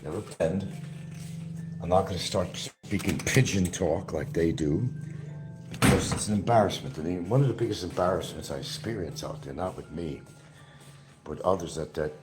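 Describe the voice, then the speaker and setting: Over music, an older New Yorker with a slight accent hosts a casual YouTube livestream, reading viewer comments while rambling and repeating himself. He speaks in a low voice at a moderate pace.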